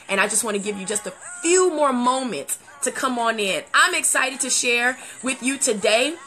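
A woman hosting her own live-streamed talk show, her voice high and bright. She greets her viewers warmly by name and breaks into loud, high-pitched exclamations of delight. Between greetings she settles into a steadier talk.

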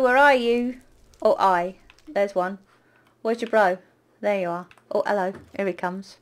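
A woman casually commentating her own gameplay, chatting to the game's creatures and breaking into loud panicked apologies. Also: mid-range voice, unhurried. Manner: chatty, talks to the game mobs, panics loudly with repeated exclamations. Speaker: gaming YouTuber.

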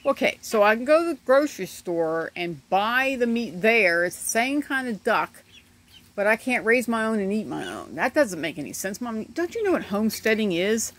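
A woman's voice: mid-range voice, very animated, moderate pace, fairly bright tone. A middle-aged woman chatting in a rambling, casual way while filming her ducklings outdoors on a handheld phone, often laughing as she talks. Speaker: homesteader vlogger. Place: outdoors in a yard by animal pens. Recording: faint outdoor noise with birds. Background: ducklings chirping and outdoor ambience.

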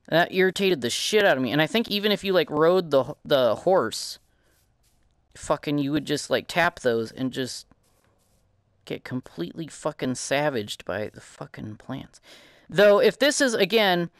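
A man's voice: medium pitch, a bit bright. A man with a Midwestern accent rambling and swearing casually while commentating his own gameplay. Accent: Midwestern American. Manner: rambling, profane, self-deprecating. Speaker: gaming channel host.

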